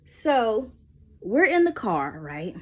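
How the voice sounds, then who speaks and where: Young woman telling a lively storytime. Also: takes it slowly. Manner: animated, acts out quotes with pitch jumps. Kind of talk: casual storytime.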